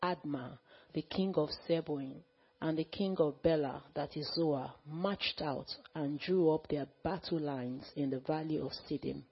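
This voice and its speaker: Low husky woman reading scripture. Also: unhurried. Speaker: pastor reading scripture aloud. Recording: dull lo-fi recording.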